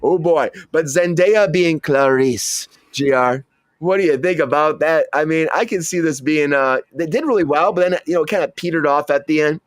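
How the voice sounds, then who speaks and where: A man hosting a casual entertainment news show, talking in a rambling way that is full of stammers and restarts. His voice sits fairly high, and the sound is dry and close with no room around it. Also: moderate pace, dry recording. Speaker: show host.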